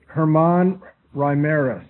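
A man's voice: on the high side, slow pace. A man giving a classroom lecture who spells out names and repeats his key phrases. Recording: tinny lo-fi recording with faint hiss.

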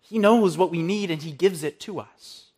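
A man's voice: high-pitched, moderate pace, darkish tone, breathy edge. A man preaching an earnest sermon from the pulpit, quoting scripture and naming the references.

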